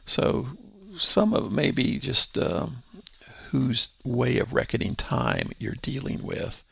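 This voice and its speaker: A man's voice: medium pitch, huge pitch swings, takes it slowly, fairly bright tone, dry recording. A man teaching through a Bible passage verse by verse, explaining in a conversational way with restarts. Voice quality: gravelly, husky voice.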